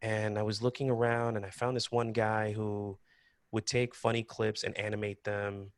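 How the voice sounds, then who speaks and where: A man being interviewed about his acting and animation work, a lively storyteller who laughs often and quotes himself. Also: lowish voice, moderate pace, no echo, studio quality. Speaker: guest, actor and animator. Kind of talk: casual interview chat.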